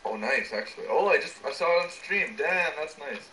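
A young man playing along in a game chat, excitable, often bursting into loud cheers and laughter. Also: a little high, fairly quick, low-quality recording. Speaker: gaming teammate. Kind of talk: casual gaming chat. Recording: faint background noise.

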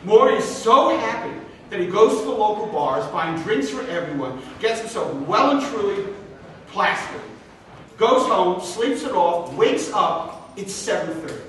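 A man telling an animated, joking story as a guest instructor, with a high, bright voice. He sounds far from the mic in an echoey room with light noise. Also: a little slow. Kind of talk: storytelling and lecture.

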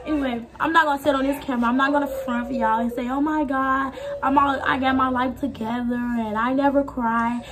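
Young woman vlogger, candid and chatty, high voice. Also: steady tone, brisk, hardly any pauses, noisy background. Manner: candid, talkative, heart-to-heart. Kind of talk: casual chat.

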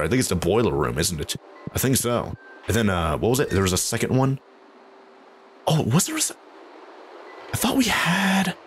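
A man's voice: fairly low pitch, a little hiss or hum. A man hosting a let's play, chatting casually over his game, rambling and thinking aloud to his viewers. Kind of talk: casual gameplay commentary. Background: game music.

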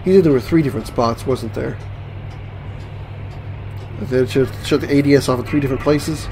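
A man's voice: mid-range voice, moderate pace, warm tone. A man casually commenting on his gameplay, muttering reactions and swearing when startled, with game music playing behind him. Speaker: let's play gamer. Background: game music and sound effects.

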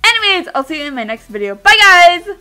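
Very high-pitched excitable gamer girl. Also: a little fast, soft background music. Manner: excitable, chatty, bursts into squeals and screams. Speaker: gaming YouTuber. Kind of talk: casual game commentary.

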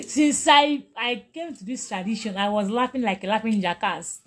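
A woman's voice: mid-range voice, fairly quick, fairly bright tone. A middle-aged woman teaching on a live stream. She talks emphatically, repeats herself and laughs often. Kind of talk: live-stream motivational talk.

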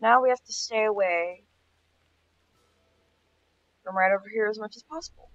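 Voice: medium pitch, normal speed, a bit bright. Stuffy-nosed, chatty gameplay commentator. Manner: chatty, easily startled. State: stuffy nose. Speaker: gaming channel host. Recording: dull lo-fi sound.

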